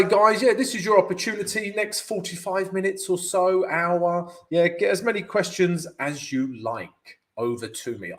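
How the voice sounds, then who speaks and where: A man from the UK with a London accent hosts a live forex stream. He answers viewers' questions in a chatty way and keeps calling them "guys". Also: high-pitched. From United Kingdom. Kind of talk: live market analysis and viewer Q&A.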